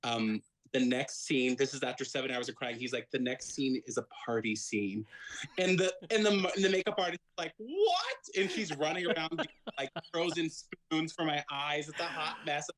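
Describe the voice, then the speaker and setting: A man's voice: fairly high pitch, normal speed, a bit bright, rough recording. Rambling man telling an actor's story. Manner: rambling, full of restarts and fillers. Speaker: actor and guest. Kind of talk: casual interview chat.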